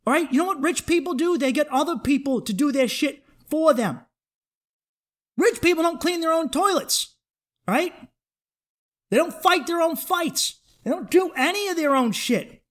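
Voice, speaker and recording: A man's voice: very high-pitched, a bit bright. A man hosting a comedy podcast, ranting in a worked-up, profane, emphatic way.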